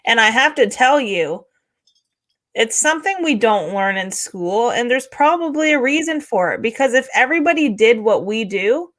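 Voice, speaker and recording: Steady woman podcast co-host. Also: a little high. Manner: steady, explanatory, many "right?" tags. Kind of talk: casual motivational chat.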